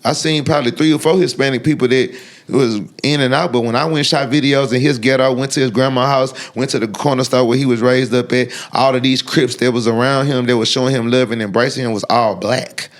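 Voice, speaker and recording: A man talks in an unfiltered interview. He is blunt and profane, and he rambles with frequent restarts and fillers at a middle pitch. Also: fairly even intonation, brisk. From Texas. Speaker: guest. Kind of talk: unfiltered sit-down interview talk.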